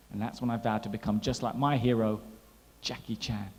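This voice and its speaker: A man in his thirties doing a stand-up comedy set, chatty and animated, teasing the crowd. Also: fairly low pitch, a little fast, breathy edge. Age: 30s. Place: large hall at a gala dinner. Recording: long hall reverb.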